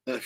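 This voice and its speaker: A man hosting a casual livestream, reading comments aloud in an excitable, rambling way and swearing often. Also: medium pitch, husky, no echo. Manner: excitable, swears a lot, jumps between topics. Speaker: livestream host.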